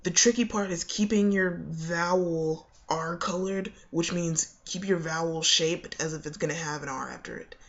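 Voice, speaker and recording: A woman's voice: lowish voice, moderate pace, few pauses, dull audio. A young woman, teaching in a casual video lesson, chatty and full of fillers and restarts. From United States. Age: young adult. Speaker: accent coach.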